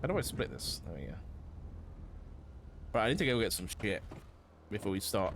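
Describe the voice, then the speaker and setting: A man's voice: on the low side, sing-song, moderate pace, gravelly, long pauses, fairly bright tone, a little hiss or hum. A young man streaming a roleplay game, chatting casually, thinking aloud, swearing now and then and laughing. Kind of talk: casual gameplay chat.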